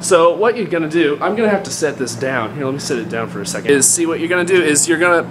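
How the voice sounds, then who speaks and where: A man's voice: fairly high pitch, expressive, fast talker, background noise. A man giving an improvised, rambling spoken tutorial while walking down a street, talking into a handheld device. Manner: casual, rambling and self-correcting. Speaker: voice impression tutor.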